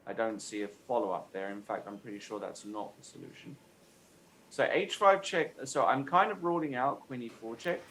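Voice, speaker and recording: A man's voice: medium pitch, normal speed, a bit bright, low-quality recording. A man co-hosting a chess show who works through candidate moves in a methodical way. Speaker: chess expert co-host. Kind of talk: casual chess analysis. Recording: faint background noise.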